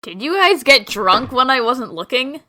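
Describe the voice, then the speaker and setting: Bright-voiced woman at a game table. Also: high voice, very animated, moderate pace, dry recording, studio quality. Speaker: player.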